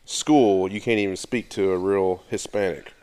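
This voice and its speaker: Low-voiced man, teasing podcast host. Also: fairly even intonation, moderate pace, a little mellow, clean tone. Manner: dry, teasing questions. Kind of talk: casual chat.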